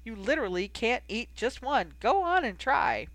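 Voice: mid-range voice, animated, normal speed, fairly bright tone, natural voice. A reader voicing a blunt, protective young man who grumbles and snaps, in an audiobook reading. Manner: grumbling, short-tempered.

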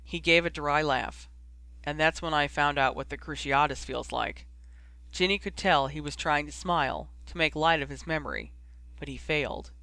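A man's voice: on the high side, normal speed, creaky, sharp tone, no room sound. A man reading a fan fiction story aloud as an audiobook, narrating and voicing the dialogue lightly. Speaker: audiobook reader.

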